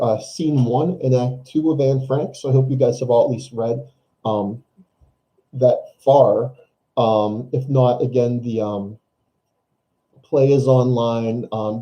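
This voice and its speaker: A man's voice: mid-range voice, mellow, poor audio. A man teaching a middle school class in a casual, rambling way with many ums and uhs. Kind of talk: recorded online class lesson.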